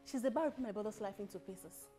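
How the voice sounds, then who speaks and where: A woman's voice: medium pitch, fast, dark tone, faint music behind, natural voice. A woman playing a scolding, protective sister. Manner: confrontational, scolding. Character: protective woman scolding over her brother.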